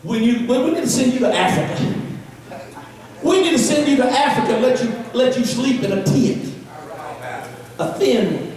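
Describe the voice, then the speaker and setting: Lady preacher shouting, really high voice, big echoey church, sounds far off. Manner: hollering, fervent, folksy. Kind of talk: shouted Pentecostal sermon. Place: large church sanctuary.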